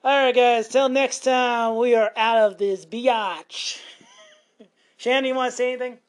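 A woman's voice: a little high, fairly even intonation, a little slow. Brief: woman podcast co-host, casual and crude, drifts between topics. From Montana, USA. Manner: rambling, crude joking, swears freely.

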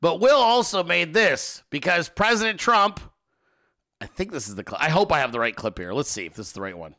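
A man hosting a podcast, talking in casual, excitable commentary, swearing often and laughing a lot. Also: fairly high pitch, a little fast. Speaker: podcast host.

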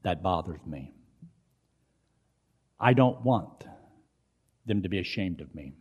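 An older man preaching a sermon, folksy and asking his listeners questions, moving from quiet storytelling to loud emphasis. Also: sits low, expressive, slow, husky, muffled recording. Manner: folksy, asks the congregation questions.

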